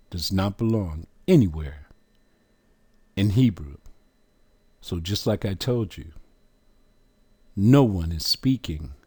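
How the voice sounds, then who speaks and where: A man's voice: low-pitched, darkish tone, slightly rough, no room sound. A man teaching a lesson, walking the listener through a chart and asking questions as he goes. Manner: asks the listener questions, emphatic.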